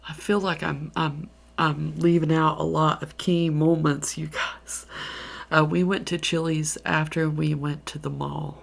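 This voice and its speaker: Gravelly low Southern woman, half-whispered ASMR ramble. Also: little pitch movement, unhurried. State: tired. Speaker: ASMR creator. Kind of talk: soft-spoken ASMR ramble.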